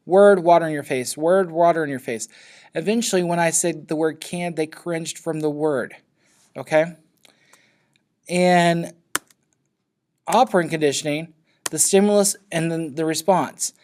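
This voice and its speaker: A man's voice: on the high side, unhurried, long pauses, a little mellow. A man teaching a class in a loose, conversational lecture, often checking in with his students. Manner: loose, checks in with frequent "okay?".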